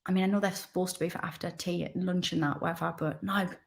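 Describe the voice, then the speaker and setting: A woman's voice: fairly low pitch, steady tone, very fast, creaky. A woman hosting a casual live stream. She chats to viewers in a rambling way and makes fun of herself as she goes. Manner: chatty, warm-hearted, rambling with self-mocking asides. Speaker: livestream host.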